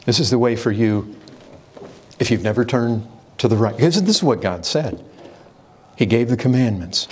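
A man's voice: moderate pace, long pauses, slight background noise. Impassioned preacher, man. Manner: impassioned preaching, pitch swinging between raised intensity and low hushed warnings. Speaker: pastor. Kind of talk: sermon.

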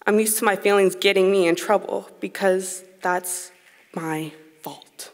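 A teenage girl performs spoken word poetry, her voice carrying a gravelly vocal fry. Her delivery is earnest and emotionally raw. The sound rings with the long reverb of a concert hall. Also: mid-range voice, level tone, moderate pace. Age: late teens. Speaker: high school slam poet.

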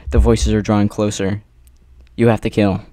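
A man narrating an adventure story in the second person, with theatrical pauses and rhetorical questions. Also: lowish voice, flat delivery, mellow, dry recording. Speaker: narrator reading an AI-written adventure.

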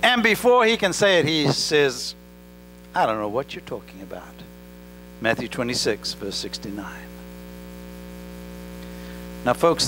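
A pastor with an accent preaching a sermon in church, talking directly to the congregation and asking them questions. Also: male voice, a little high, fairly bright tone, low-quality recording. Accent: non-native English accent. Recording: faint mains hum. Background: mains hum.

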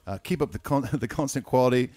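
A man's voice: medium pitch, quick pace, darkish tone, no echo, voice pushed up, natural voice. A man putting on an exaggerated Australian accent to read a listener email, drifting toward Cockney. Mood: playful.

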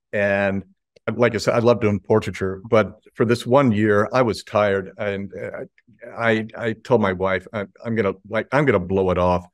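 A middle-aged man, a guest artist, telling stories in a relaxed, chuckling way on a video call. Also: fairly low pitch, dry recording, clean studio sound. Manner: laid-back, chuckling storyteller. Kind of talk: casual interview chat.

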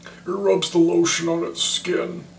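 A tipsy man voicing a shrill, unhinged male killer from a horror film. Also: level tone, a little slow, gravelly, reverberant, far from the mic, slight background noise, heavily acted. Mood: menacing. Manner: shrill, rising to a screech.

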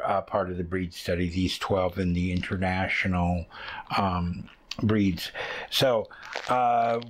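A man hosting a casual hands-on fiber arts tutorial, rambling along with plenty of ums and uhs as he reads and handles wool. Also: fairly low pitch. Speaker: fiber arts channel host.

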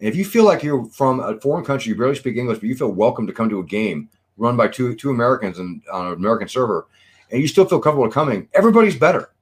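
A man's voice: mid-range voice, lively intonation, racing. A man in casual podcast chat, earnest and musing, with lots of fillers. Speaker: podcast panelist.

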